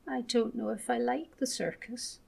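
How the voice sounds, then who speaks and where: Shy curious little boy, timid questions, higher voice, as a woman puts him on. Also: steady tone, moderate pace, gravelly, darkish tone, breathy edge, heavily acted.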